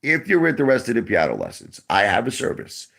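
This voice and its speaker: A man's voice: mid-range voice, huge pitch swings, brisk, gravelly, fairly bright tone. A man in his forties answering his chat on a casual livestream, defensive and repetitive, who keeps calling the viewers brother. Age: 40s.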